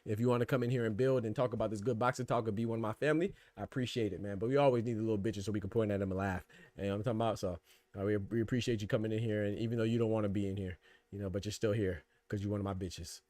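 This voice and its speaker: A man hosting a boxing podcast live stream, casual and slangy, trash-talking his chat and laughing loudly. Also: on the low side, steady tone, very fast.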